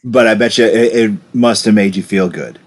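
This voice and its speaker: A man's voice: on the low side, normal speed. A male podcast co-host who chimes in with teasing remarks and laughter. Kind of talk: casual interview chat.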